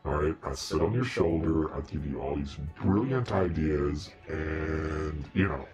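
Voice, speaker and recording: A man's voice: a bass voice, a little slow, a little mellow, soft background music. A middle-aged man, hosting a casual live stream chat, joking and rambling and laughing often.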